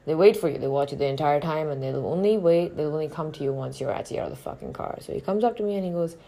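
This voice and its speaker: A woman's voice: deep voice, quick pace, vocal fry, mellow. A woman, an actor telling a personal story in a frank, reflective and profane way. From northern India.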